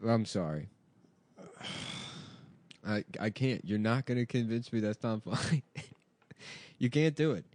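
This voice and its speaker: A man's voice: lowish voice, animated, unhurried, long pauses, a little mellow, no echo. A man hosting a comedy podcast in casual, rambling chat, swearing freely and leaning on fillers. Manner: rambling, profane, filler-heavy.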